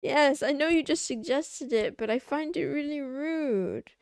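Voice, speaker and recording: A high-voiced woman streams live, chatting casually and teasing her viewers with sarcasm. She talks slowly and drawls through her lines. Her voice sits close and dry, with no room around it. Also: darkish tone, no room sound. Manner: sarcastic, playful, answering chat.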